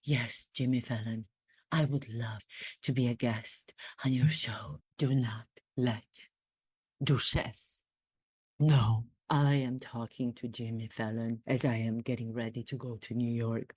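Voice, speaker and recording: A woman impersonating a nervous, secretive prince, hushed and self-pitying in a satirical impression. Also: very deep voice, fairly even intonation, slow pace, breathy edge, no echo, pitched below the performer's own voice, heavily acted.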